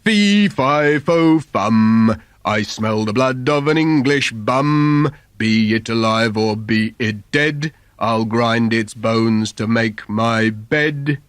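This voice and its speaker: Man doing a booming storybook giant. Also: smooth, no room sound, lightly acted. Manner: slow, loud and booming chant. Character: huge booming male fairy-tale giant, menacing.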